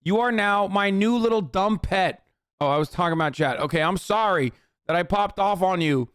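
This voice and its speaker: A man's voice: high voice, normal speed, a bit bright, smooth, no echo, clean studio sound. A man streaming a reaction video, ranting profanely at his chat.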